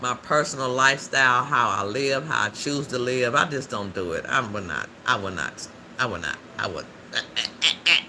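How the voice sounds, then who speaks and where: A man hosting a livestream in a loose, chatty way, reading out viewers' comments and answering them as he goes, with frequent laughs. His voice has a gravelly rasp at a middling pitch. Steady background noise runs under everything. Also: normal speed, hardly any pauses. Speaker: livestream host. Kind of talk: casual livestream chat with viewers. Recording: noisy background ambience.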